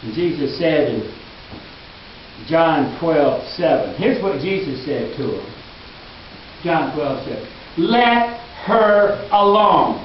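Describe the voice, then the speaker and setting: Man, pastor preaching, earnest, emphatic, unhurried delivery, dull lo-fi sound, faint hiss. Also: expressive. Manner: slow, earnest preaching that swings between emphatic highs and quiet asides. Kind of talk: sermon. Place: church sanctuary. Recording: echoey hall, distant mic, dull lo-fi.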